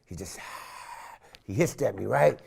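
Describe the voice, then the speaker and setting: A man in his sixties from San Francisco, a guest in an interview, telling stories with animated energy and acting out the voices of the people in them. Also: on the low side, slow, gravelly, husky. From San Francisco, California. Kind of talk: animated storytelling. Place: studio interview set.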